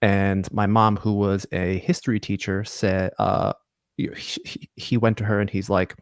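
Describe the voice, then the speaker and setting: A man from Long Island, New York, telling his family business story as a guest in a relaxed, casual interview. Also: fairly low pitch, moderate pace, clear, resonant tone, dry recording, clean studio sound. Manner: relaxed, storytelling, many fillers. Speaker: guest, company executive.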